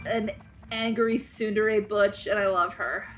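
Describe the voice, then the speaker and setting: A young woman co-hosting a gaming stream, chatting casually and excitedly with frequent giggles while she plays. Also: mid-range voice, unhurried, soft background music, rough recording. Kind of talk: casual chat while playing a game.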